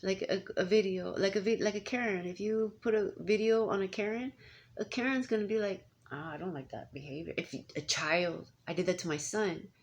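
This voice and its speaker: A woman's voice: medium pitch, a little fast. A woman in her thirties, a parent, talking in a casual, rambling monologue full of restarts and asides. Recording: faint background noise.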